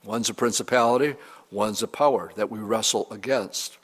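A man preaching a sermon as pastor, reading scripture aloud and explaining it in an earnest, expressive way with pauses. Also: fairly low pitch, husky. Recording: long hall reverb.

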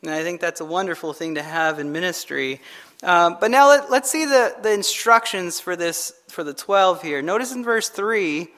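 A man preaching a sermon as pastor, in a conversational, animated storytelling manner that acts out quotes. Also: high voice, moderate pace.

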